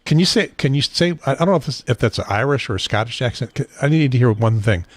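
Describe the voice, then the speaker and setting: A man hosting a casual podcast chat who talks haltingly and often restarts. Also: mid-range voice, lively intonation, dry recording. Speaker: podcast host.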